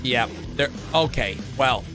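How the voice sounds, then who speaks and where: An excitable man reacting to a video as he watches, his pitch leaping from quiet low mutters up to sudden high yelps. He talks casually in a very lively, up-and-down voice. Clear music plays behind him. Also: takes it slowly. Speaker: gaming channel host.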